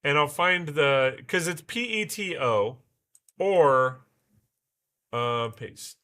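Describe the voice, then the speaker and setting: A man's voice: a little high, expressive, slow, bright, forceful tone. A man hosting a casual livestream, muttering to himself and swearing as he works. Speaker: livestream host. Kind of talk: casual livestream chat while building.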